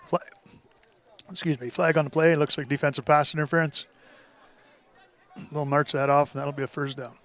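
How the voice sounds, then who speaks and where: A Canadian man does relaxed colour commentary from an outdoor football field. He talks in an easy, chatty way, leaning on fillers as he goes, and his voice sits a little high. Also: normal speed, pauses often. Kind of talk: casual sports colour commentary.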